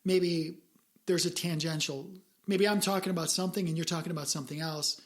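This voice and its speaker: A woman's voice: fairly low pitch, steady tone, brisk. Earnest, reflective woman podcast co-host. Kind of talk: casual podcast conversation.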